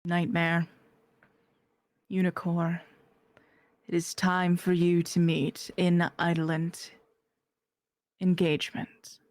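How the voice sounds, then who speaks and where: A woman's voice: on the low side, monotone, slow pace, long pauses, dry recording. A woman voicing a formal male herald of a god, speaking in a stately, ceremonial way.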